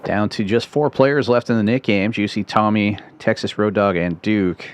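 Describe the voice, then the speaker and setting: A man giving live poker play-by-play commentary in a brisk, playful way with puns, in a casino card room. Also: fairly low pitch, steady tone, smooth.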